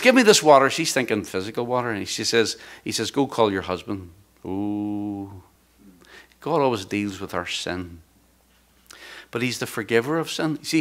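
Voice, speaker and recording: Bright-voiced man preaching with animated swings. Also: mid-range voice. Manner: animated preaching, rising loud for scripture and dropping to hushed tones. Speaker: pastor. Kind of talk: sermon. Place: church sanctuary.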